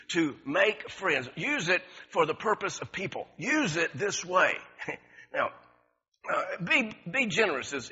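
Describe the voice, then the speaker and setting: A middle-aged pastor with a slightly high, breathy voice delivers a lively sermon full of stories, repeating words and chuckling often. The dull lo-fi recording has a big-room sound.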